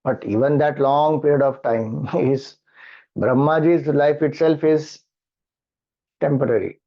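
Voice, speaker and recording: Man, Indian English accent, spiritual teacher, unhurried delivery, muffled lo-fi recording. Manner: patient, explanatory, chants slowly with rising and falling pitch. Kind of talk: teaching mantra chanting. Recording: dull lo-fi audio.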